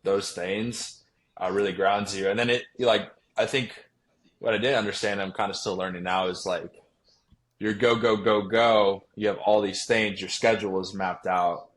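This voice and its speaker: A man's voice: low voice, steady tone, moderate pace, fairly bright tone. A young man, a baseball player, talking casually in an interview, rambling with lots of fillers and restarts. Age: young adult. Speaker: guest, pro baseball player.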